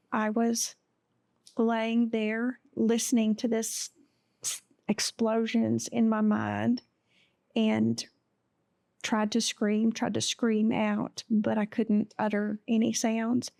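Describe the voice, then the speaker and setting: A woman guest on a podcast telling a personal story in a slow, halting way, with many pauses and fillers. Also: a little high, creaky, a little mellow, no room sound, studio quality.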